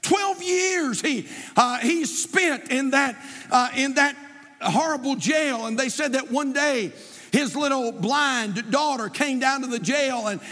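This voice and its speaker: A man preaching as a pastor, building to shouts and repeating his points. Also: extremely high pitch, slow, in a large hall. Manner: impassioned preaching, often shouting, with repetition. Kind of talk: sermon. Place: church sanctuary.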